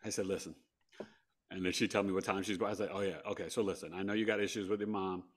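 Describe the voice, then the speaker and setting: A deep-voiced, fast-talking New Yorker with a New York accent tells his story on a podcast. He's animated, voices the quotes himself, and laughs often.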